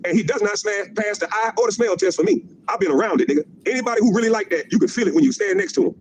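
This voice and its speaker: A man's voice: high voice, very animated, rapid-fire, gravelly, slight background noise, low-quality recording. A middle-aged man delivering a profane, mocking livestream rant, repeating his jabs and laughing at them. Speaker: former pro basketball player ranting on a stream.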